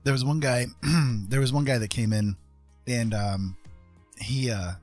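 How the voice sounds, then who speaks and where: A man's voice: mid-range voice, measured pace, faint music behind. Blunt, rambling man hosting a stream. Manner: loose, rambling, blunt and profane. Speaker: live stream host. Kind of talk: casual chat, storytelling.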